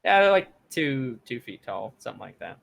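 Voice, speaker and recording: A male dungeon master narrating a tabletop game in a middle-pitched voice. He talks loosely and casually and pads his scene-setting with plenty of ums and restarts. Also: fairly quick, vocal fry, noisy background. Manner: relaxed, rambling, many fillers.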